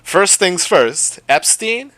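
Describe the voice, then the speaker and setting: Swearing, sharp-voiced male ranter. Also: high-pitched, very animated, slow pace, dry recording. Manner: profane, mocking and loud, dropping to a mutter; rambling with frequent fillers and laughs. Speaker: YouTube commentator. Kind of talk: unscripted solo rant.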